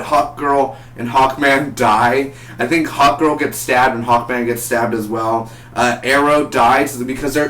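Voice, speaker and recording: A young man reviewing a TV episode in a rambling, animated way, acting out characters' lines. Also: medium pitch. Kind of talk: casual review vlog. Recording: echoey room, distant mic, faint hum.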